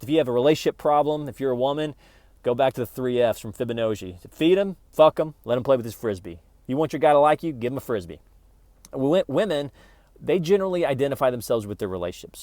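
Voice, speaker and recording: A middle-aged YouTube host speaks at medium pitch with a darkish tone and no echo. He jokes his way through a relaxed spiritual self-help talk, breaking off and restarting his sentences often.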